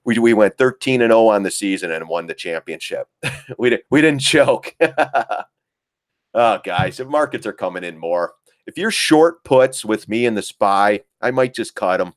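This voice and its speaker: The host's voice is fairly low and expressive, at a normal speed, captured in studio quality with no room sound. A middle-aged man, he runs a casual trading live stream, rambling and joking with frequent laughter and casual swearing.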